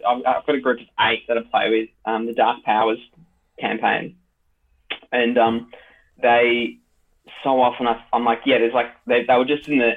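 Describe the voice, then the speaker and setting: A tired man acting as dungeon master chats casually on a podcast, rambling with lots of fillers and restarts. His voice is mid-range with vocal fry, heard over a tinny, phone-like line.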